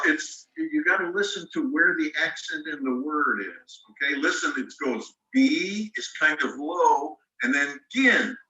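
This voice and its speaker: A man teaching a spelling lesson on a video call, his voice very bright and somewhat high. He walks through the rule patiently and spells words out letter by letter. He sits back from the microphone, and the room around him rings. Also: highs cut off. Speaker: ESL teacher. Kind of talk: online class lecture. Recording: roomy sound, mic at a distance.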